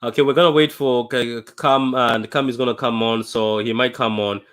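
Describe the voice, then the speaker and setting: A man's voice: medium pitch, fairly even intonation, clean tone. Gutted man hosting a fan livestream. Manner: dejected, repetitive, halting with many restarts. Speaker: fan channel livestream host. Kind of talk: emotional post-match fan livestream.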